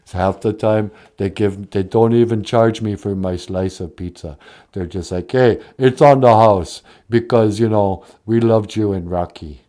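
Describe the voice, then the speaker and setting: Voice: sits low, measured pace, dark tone. A performer doing a mumbling tough-guy impression of a washed-up male movie star, drawling. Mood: proud.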